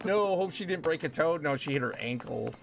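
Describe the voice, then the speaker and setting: A man's voice: a little high, lively intonation, a little fast, creaky. A man streaming a game and chatting casually with viewers, telling rambling stories with many restarts. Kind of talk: casual live-stream chat while gaming. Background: game music.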